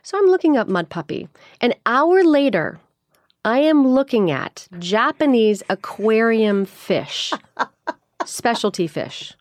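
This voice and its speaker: Animated woman in her forties. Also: fairly high pitch, dry recording. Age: 40s. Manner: animated, acts out her own thoughts in quick asides. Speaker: actress guest. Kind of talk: casual interview chat.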